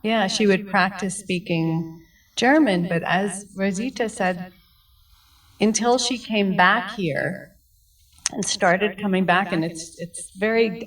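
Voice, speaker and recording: Woman, middle-aged, survivor's daughter, reflective, slow, distant mic. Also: on the low side. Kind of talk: personal account to students.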